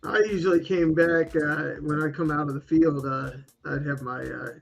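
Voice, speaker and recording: A man with a husky voice on a podcast, telling army stories in halting casual chat. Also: a little high, flat delivery, soft background music. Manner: halting, many restarts and fillers.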